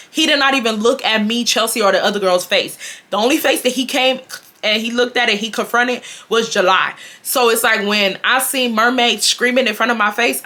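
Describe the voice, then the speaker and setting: A woman, animatedly telling a storytime to her viewers with lots of fillers. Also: mid-range voice. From Houston, Texas. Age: 20s. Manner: animated, filler-heavy retelling addressing viewers. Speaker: storytime vlogger. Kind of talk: casual storytelling.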